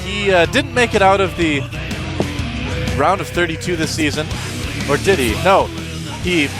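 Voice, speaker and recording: A man's voice: high voice, normal speed. A man commentating an esports match, with jokey, rambling banter between the plays. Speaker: esports caster. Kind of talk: play-by-play commentary. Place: broadcast studio in Seoul. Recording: music playing under the voice.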